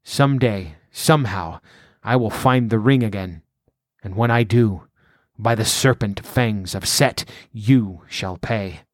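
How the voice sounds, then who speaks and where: A man voicing a bitter, resentful fallen sorcerer who speaks in a low growl. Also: slow pace, no room sound, studio quality. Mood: menacing.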